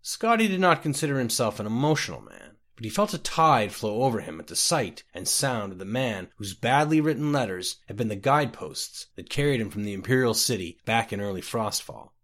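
Expressive male storybook reader. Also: mid-range voice, fairly quick, hardly any pauses. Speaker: host and reader. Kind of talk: scripted storybook narration.

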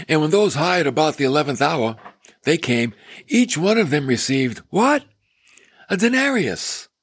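Lively husky-voiced male preacher. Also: on the high side, no echo, clean studio sound. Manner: animated, asks the listener questions. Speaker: pastor. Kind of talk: sermon teaching.

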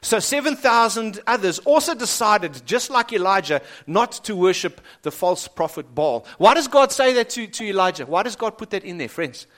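A man preaching a sermon with dramatic swings between loud and soft, asking the congregation rhetorical questions. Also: sits high, animated, moderate pace, few pauses.

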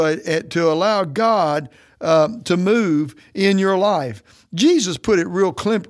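A man preaching a sermon, emphatic and declaring, often slowing down to stress his words. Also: high-pitched.

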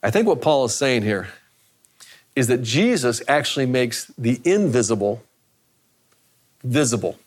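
A man's voice: mid-range voice, very animated, unhurried, pauses often. A man preaching a sermon in a conversational way, often repeating phrases for emphasis. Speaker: pastor.

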